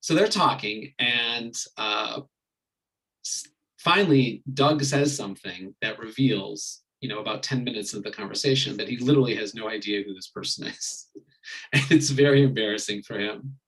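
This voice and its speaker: A man leading an online marriage communication class, retelling a story in a relaxed way with many fillers. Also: on the low side, moderate pace, low-quality recording. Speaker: marriage workshop leader.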